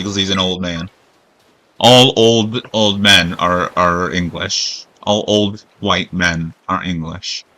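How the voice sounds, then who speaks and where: Male game streamer, rambling, sarcastic, swears a lot, bright voice. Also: lowish voice, no echo, low-quality recording. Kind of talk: casual gameplay commentary.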